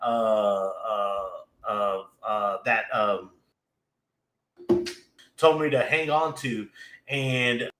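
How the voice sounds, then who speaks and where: Excitable man recapping anime, echoey room. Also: fairly low pitch, very slow, pauses often, slight background noise. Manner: excitable, laughs often, many fillers. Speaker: podcast host. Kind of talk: casual anime recap chat.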